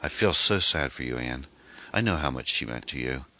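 A man's voice: extremely low pitch, animated, moderate pace, no room sound, heavily acted. A man voicing a sympathetic woman friend on the phone as he reads a novel aloud. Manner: sympathetic, gentle.

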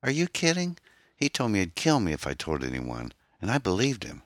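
A man voicing a troubled young woman, an orphan who talks in a hesitant, halting, pained way. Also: lowish voice, huge pitch swings, dry recording, clean studio sound, voice pushed up. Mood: guarded, pained.

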